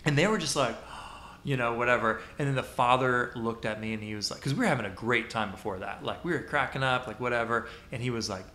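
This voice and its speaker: A man hosts a casual podcast chat with a bright, forceful voice. He tells animated stories and mimics the people he quotes. His voice rings out in an echoey room. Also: mid-range voice, fast talker. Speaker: podcast host.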